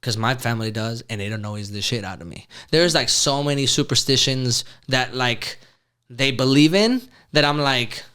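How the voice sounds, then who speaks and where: Man, 30s, podcast host, casual swearing storyteller, bright, smooth. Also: mid-range voice, normal speed. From Houston, Texas. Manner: profane, laughing, loose storyteller.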